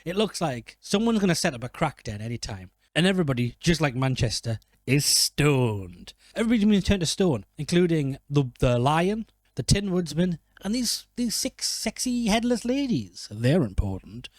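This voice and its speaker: This film reviewer's fairly high voice swings widely in pitch, moving at a moderate pace with hardly a pause. His casual commentary rambles, jokes and self-corrects mid-sentence, with no room sound.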